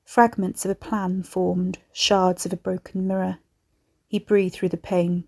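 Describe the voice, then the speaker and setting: A woman reading a horror story aloud in a measured storytelling manner. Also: lowish voice, little pitch movement, vocal fry, darkish tone. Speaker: narrator. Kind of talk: scripted horror narration.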